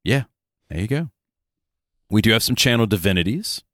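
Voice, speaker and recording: A man with a low voice co-hosts a relaxed gaming podcast, talking loosely and tossing in jokes and asides. The sound is dry and close to the mic. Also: dry recording. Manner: joking, rambling, quick asides. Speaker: podcast co-host. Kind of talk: casual tabletop gaming chat.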